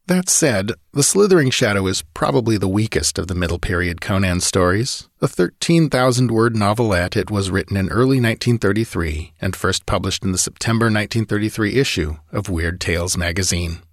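A man narrating an audiobook in a measured, steady storytelling manner. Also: lowish voice, no echo, studio quality. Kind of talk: scripted narration.

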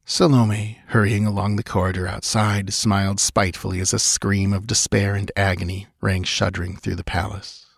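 A man narrating a fantasy audiobook in an expressive, measured storytelling manner. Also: on the low side, gravelly, slightly rough, no room sound, clean studio sound.

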